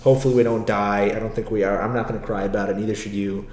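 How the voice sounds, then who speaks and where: A man's voice: fairly low pitch, little pitch movement, very fast, a little mellow, reverberant, slight background noise. A young man hosting a casual solo podcast, rambling, swearing freely and laughing often. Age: young adult. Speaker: podcast host. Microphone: own podcast mic.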